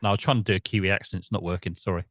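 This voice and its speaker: A man co-hosting a casual chat show, easygoing and quick to laugh. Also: sits low, steady tone, fairly bright tone, no room sound, clean studio sound.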